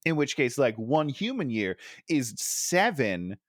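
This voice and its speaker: Animated man joking about movies. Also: medium pitch, slow, dry recording, clean studio sound. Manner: jokey, animated, laughs often. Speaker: podcast co-host. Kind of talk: casual comedic movie chat.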